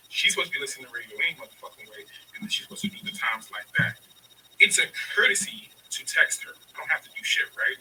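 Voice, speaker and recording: Man, 30s, rapid and profane storyteller with a bright, forceful voice, recorded on a distant mic with faint hiss. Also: fairly high pitch. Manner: profane, emphatic, acts out both sides of arguments. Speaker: podcast host telling a story. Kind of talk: casual storytelling.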